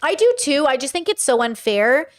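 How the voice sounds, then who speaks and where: A woman's voice: sits high, big pitch swings, normal speed. A woman hosting a podcast, giving blunt, chatty commentary and reading out viewer chat, swearing freely. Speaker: podcast host reacting to a clip.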